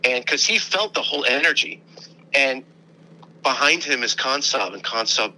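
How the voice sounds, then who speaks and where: Guy with a really bright, edgy voice, chatty storyteller, laughs a lot, radio show sound. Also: medium pitch, moderate pace, a little hiss or hum, poor audio. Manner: animated, laughs often, acts out quoted voices. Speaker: interview guest. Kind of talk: casual storytelling.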